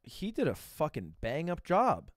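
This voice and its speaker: A man streaming live and reacting to a video in casual chat, animated and crude, often breaking into laughter. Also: fairly high pitch, measured pace, no room sound, studio quality.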